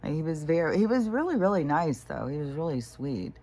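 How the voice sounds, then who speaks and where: A woman's voice: deep voice, big pitch swings, fairly quick, dark tone. A woman talking casually in a meandering monologue, full of fillers and quoted asides, laughing often. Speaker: vlogger.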